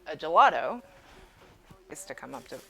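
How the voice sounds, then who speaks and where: Low-voiced woman chatting while she cooks. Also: big pitch swings, normal speed, vocal fry, fairly bright tone. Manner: rambling, swears casually, laughs often. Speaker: cooking streamer. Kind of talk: casual live-stream chat while cooking. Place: home kitchen.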